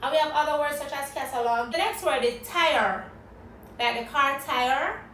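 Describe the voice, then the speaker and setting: Woman, Jamaican accent, English teacher, spells words aloud, high voice, echoey room. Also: normal speed, a bit bright, recorded from a distance, slight background noise. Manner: spells words letter by letter, quizzes a guest. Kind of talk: vocabulary lesson.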